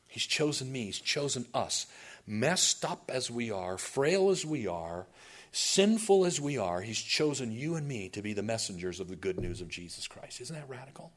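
A man's voice: mid-range voice, animated, normal speed. A male pastor preaching a sermon, telling stories animatedly with asides to the congregation.

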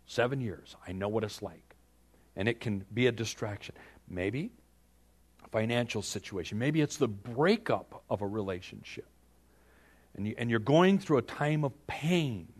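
Middle-aged pastor, loud then hushed. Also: male voice, medium pitch, lively intonation, breathy edge. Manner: swings from loud pleading to hushed, with dramatic pauses. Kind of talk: sermon.

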